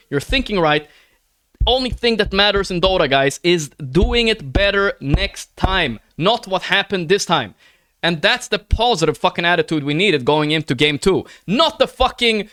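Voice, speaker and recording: A man's voice: high voice, a bit bright, no room sound. A man streaming live and ranting to his chat. He swears often, keeps asking "right?" and calls his listeners brother in an earnest, pleading way.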